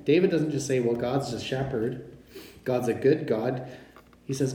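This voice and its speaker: A man preaching a sermon, slow and emphatic, stressing each pronoun as he reads scripture. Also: medium pitch, warm tone, slight background noise. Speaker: pastor. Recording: very echoey room.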